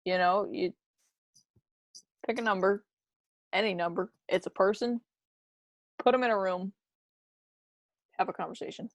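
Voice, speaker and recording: A woman's voice: mid-range voice, unhurried, pauses often, no room sound. A woman co-hosting a casual podcast chat, talking in an earnest, encouraging way. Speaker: podcast co-host.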